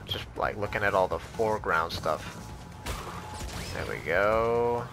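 A man's voice: fairly low pitch, expressive, measured pace. A man giving playful, rambling commentary while playing a video game, muttering to himself and making silly noises. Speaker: gaming YouTuber. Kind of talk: casual gameplay commentary. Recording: game music playing under voice.

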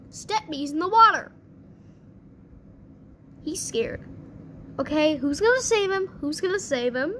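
A woman hosting her channel, giving excitable gameplay commentary with quick reactions. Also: sits high, a little hiss or hum. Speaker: channel host.

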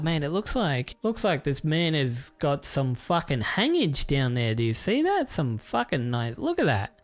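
A man giving casual, crude commentary while opening trading card packs, excitable and swearing often. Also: a little high, a little slow, faint music behind. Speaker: YouTuber.

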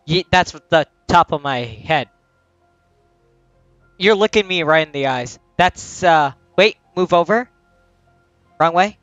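A young man chats casually with a friend while they play, bossing him around with lively, animated speech. His voice sits a touch high. The dry capture has faint game music behind it. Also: takes it slowly, pauses often, no room sound, highs cut off. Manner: directs a friend, laughs often. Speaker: gamer.

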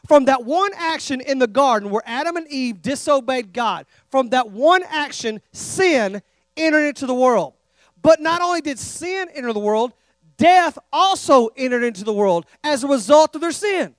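A man's voice: very high voice, normal speed, no echo, studio quality. A middle-aged man from Texas with a Texan accent, preaching a sermon in a church and calling out questions to the congregation. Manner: animated, calls out questions to the congregation. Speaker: traveling evangelist. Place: church sanctuary.

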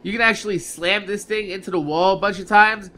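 A man's voice: high voice, steady tone, brisk, bright, forceful tone. A man hosting a gameplay video, rambling casually with lots of swearing and frequent laughs. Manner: profane, rambling, laughs often.

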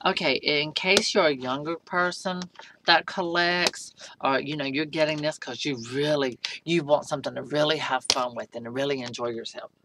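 Gushing low-voiced woman doll reviewer. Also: steady tone, normal speed, background noise. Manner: gushing, breathless exclamations. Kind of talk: excited unboxing review.

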